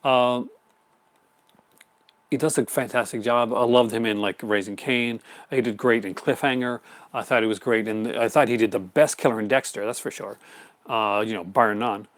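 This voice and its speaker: A man's voice: mid-range voice, fairly even intonation, moderate pace, fairly bright tone, dry recording. A man hosting a casual live stream, rambling enthusiastically about his horror film collection, with many fillers and restarts. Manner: answers viewer chat comments.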